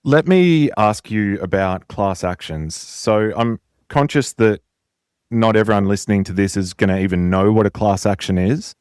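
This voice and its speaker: A man on a casual podcast puts measured, teasing questions to the hosts. His voice is low and smooth. The sound is dry and close. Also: a little mellow, no room sound. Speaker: podcast guest asking questions.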